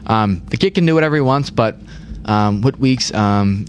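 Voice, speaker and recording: A man's voice: lowish voice, expressive, normal speed, a little hiss or hum. A young man hosting a casual sports chat, rambling, repeating words and saying "like" a lot. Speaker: podcast host.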